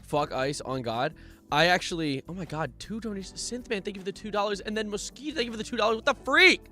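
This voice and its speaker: A young man live streaming, chatting casually, joking around and reading out donations in an animated way. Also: high voice, fast, soft background music. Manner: jokey, animated, reads donations aloud. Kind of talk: casual livestream chat.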